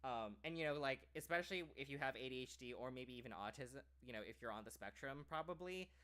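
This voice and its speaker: Casual American male streamer, mid-pitched, chatty and rambling, lots of fillers. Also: animated, quick pace, sharp tone. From United States. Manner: rambling, full of "like" and restarts.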